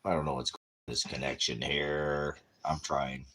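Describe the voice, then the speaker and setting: A man's voice: rumbling low, steady tone, moderate pace, bright, forceful tone. A man chatting casually in the desert for an outdoor cooking vlog, talking with his mouth full between bites. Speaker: vlogger.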